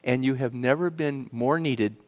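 Talking at a normal speed, this middle-aged guest speaker shares his personal story earnestly and asks the audience questions. His voice is mid-range, and the recording carries long hall reverb.

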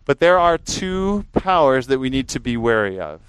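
A man preaching a sermon earnestly, rising to emphatic peaks and dropping to a quiet, prayerful tone. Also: medium pitch, sing-song, normal speed, slight background noise, low-quality recording.

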